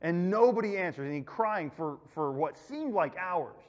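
A male youth pastor tells a Bible story in a casual way, acting out the voices of the people in it. His voice sits high. The recording is dull and lo-fi, with a long echo from a church room. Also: expressive, normal speed. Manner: casual, storytelling, acts out quotes. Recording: echoey hall, muffled lo-fi recording.

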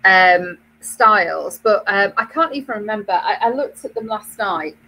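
A woman's voice: mid-range voice, lively intonation, normal speed, pushed and bright, slight background noise, rough recording. A British woman co-hosting a knitting web show, chatting casually with many fillers and restarts. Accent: British English. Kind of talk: casual chat.

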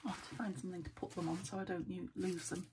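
Hushed, gravelly-voiced woman chatting at her desk. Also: lowish voice, level tone, fast talker, background noise. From England. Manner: chatty, thinking aloud, often dropping to a whisper. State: weak voice, saving her throat. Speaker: craft vlogger. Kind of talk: casual chat while sorting craft papers. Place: craft room at home. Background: paper crinkling and clicks.

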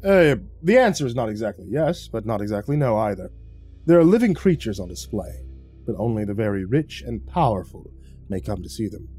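A man voicing a stern older male caretaker boss with a heavy Eastern European accent, speaking slowly and gravely. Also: lowish voice, big pitch swings, dark tone, soft background music, pitched below the performer's own voice. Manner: grave, slow, commanding.

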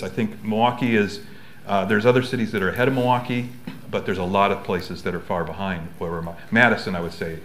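A man's voice: fairly low pitch, a little hiss or hum. A man speaking on a university seminar panel in a conversational way, often correcting himself mid-sentence. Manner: conversational, frequent self-corrections. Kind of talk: seminar talk. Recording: echoey room.

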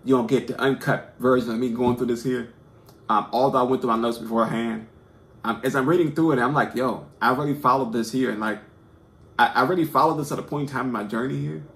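A gravelly, fairly bright mid-range voice speaks quickly as this poetry teacher leads a casual unscripted video lesson. He's informal and self-deprecating, repeating words, restarting phrases and often asking "right?", recorded in an echoey room.

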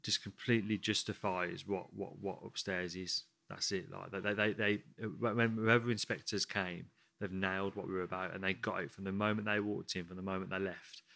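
A lower-pitched man tells a story as a guest on a podcast. He is animated and swears freely, with laughter running through the tale. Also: a little fast, gravelly, few pauses. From England, Sutton Coldfield. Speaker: guest chef.

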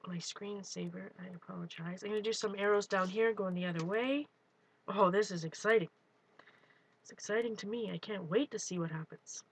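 A woman's voice: mid-range voice, a little fast, few pauses, slightly rough. Chatty woman demoing crafts live. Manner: excitable, talks while working, greets viewers. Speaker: art livestream host.

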